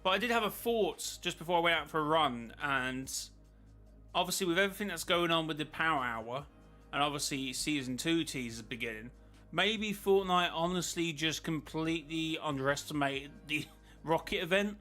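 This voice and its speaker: A man's voice: fairly high pitch, lively intonation, normal speed, bright, forceful tone, faint music behind. A man streaming a game, chatting casually with his viewers in a rambling, self-interrupting way. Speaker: gaming streamer.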